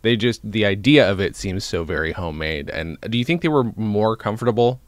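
A man's voice: fairly low pitch, expressive, brisk, no room sound. A man hosting a casual interview, enthusiastic and admiring as he asks his questions. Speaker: interviewer, podcast host.

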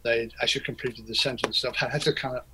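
A husky man rambles through old recording stories, stopping often to restart his sentences. His voice sits at an ordinary pitch, with a slight rasp throughout. He sounds like a guest in a relaxed conversation. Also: fast, rough recording. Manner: rambling, hesitant, many fillers and restarts. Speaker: interview guest, record producer. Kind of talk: casual interview.

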